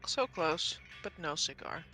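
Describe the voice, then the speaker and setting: A woman acting as game master of a tabletop game, narrating scenes and making dry, deadpan asides to the players. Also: deep voice, measured pace, over music.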